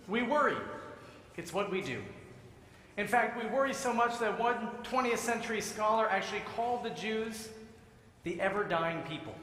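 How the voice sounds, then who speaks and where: A rabbi delivers a sermon from the sanctuary, his voice high and bright. He tells jokes with a preacher's timing. The room is echoey, with a long reverb and a faint hum of ambience. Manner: joke-telling preacher, quoting voices in a punchline rhythm. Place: synagogue sanctuary.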